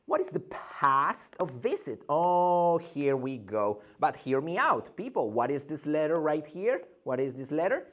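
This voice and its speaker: A man's voice: a little high, sing-song, a little slow. A man teaching an English pronunciation lesson, drilling sounds by repeating them and asking and answering his own questions.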